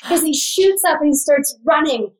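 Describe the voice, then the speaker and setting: A woman's voice: sits high, normal speed, poor audio. A woman in her thirties recounting a personal story in casual chat as a podcast guest. She talks animatedly, with many "like" fillers. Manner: animated, filler-heavy retelling with frequent "like".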